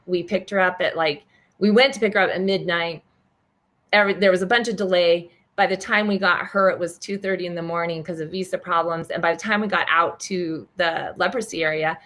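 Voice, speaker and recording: An older woman, a charity founder, telling a story as a guest in an interview, acting out the quoted dialogue. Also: on the low side. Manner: animated, acts out quoted dialogue.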